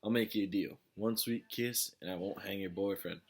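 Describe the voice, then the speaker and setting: A man reading aloud, voicing a drunk, leering small-town sheriff with a slow drawl. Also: sits low, steady tone, gravelly, breathy edge, exaggerated voice.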